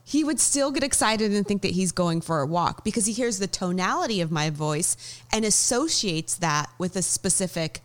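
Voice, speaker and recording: A woman co-hosting a podcast, explaining her points casually and with lively examples. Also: lowish voice, moderate pace. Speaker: podcast co-host.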